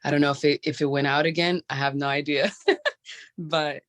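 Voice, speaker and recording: A woman's voice: low-pitched, fairly even intonation, moderate pace, fairly bright tone, no echo. A woman on a group video call thanking the host, emotional and close to tears. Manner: emotional, grateful, fighting back tears. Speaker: call participant.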